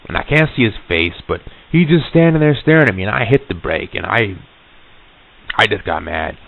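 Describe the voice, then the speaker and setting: Man, deep voice, stammering storyteller, tinny phone-like old tape. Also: expressive, gravelly. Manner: halting, stammering restarts. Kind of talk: recorded storytelling monologue.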